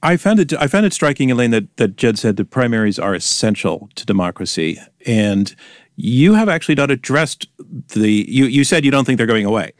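A man moderating a radio debate, posing questions in a measured, inquisitive way. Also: mid-range voice, big pitch swings, dry recording, clean studio sound.

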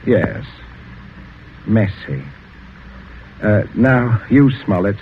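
An actor playing a genial but murderous father with a gun in an old radio drama, chuckling and smooth. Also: lowish voice, big pitch swings, very slow, background noise, exaggerated voice. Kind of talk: 1940s radio acting. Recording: dull old radio broadcast.

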